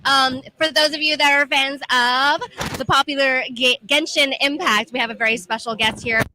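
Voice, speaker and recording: A woman's voice: sits high, fairly even intonation, moderate pace, sharp tone, slight background noise, rough recording. A woman hosting a live interview show at a gaming expo, chatty and enthusiastic, often rambling as she asks her questions. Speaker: host. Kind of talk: casual interview chat.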